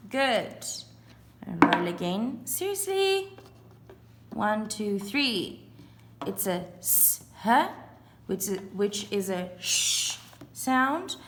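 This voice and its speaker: A woman's voice: medium pitch, fairly bright tone, slight background noise. A woman teaching a recorded phonics lesson to young children, sounding out letters and counting spaces aloud. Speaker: primary school teacher.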